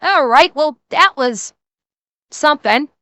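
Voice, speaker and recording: A woman streamer reacting live, chatty and excitable, tripping over restarts, on a close mic. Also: high voice, slow pace, slight background noise.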